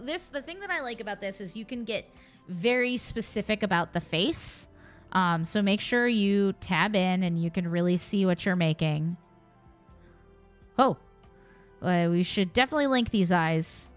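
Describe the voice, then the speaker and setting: A woman streams in an unhurried, chatty way, musing aloud and tossing in playful asides. A faint wash of music sits behind her. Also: medium pitch. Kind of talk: casual live-stream commentary.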